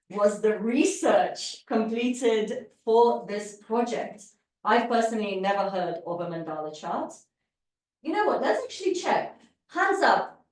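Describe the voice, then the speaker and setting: A woman giving an encouraging live evaluation of a speech at a public speaking club, demonstrating vocal emphasis. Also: fairly high pitch. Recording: echoey room, distant mic.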